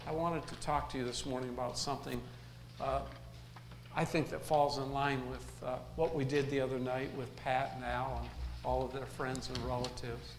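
A man's voice: mid-range voice, little pitch movement, moderate pace. A male preacher gives a sermon to his congregation in a folksy, easygoing way. He drops jokes between his points. His voice rings with a roomy church echo over a faint background hum. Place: church sanctuary. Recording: echoey room, faint ambience.

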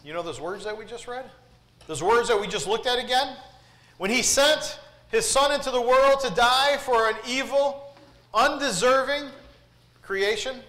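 A male preacher delivers an earnest sermon, often turning to the congregation with questions. His voice sits high and bright. The sound carries the echo of a church sanctuary. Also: unhurried.

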